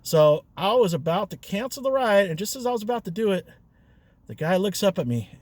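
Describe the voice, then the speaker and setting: A man's voice: sits high, big pitch swings, brisk, darkish tone. Chatty man telling a story. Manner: chatty, loose, with fillers and chuckles. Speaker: rideshare driver and vlogger. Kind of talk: casual storytelling.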